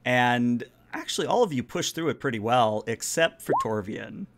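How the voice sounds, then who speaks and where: A man guiding players through a tabletop role-playing session as game master. He talks in a relaxed, rambling way, scattering filler words as he describes the scene. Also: mid-range voice, normal speed.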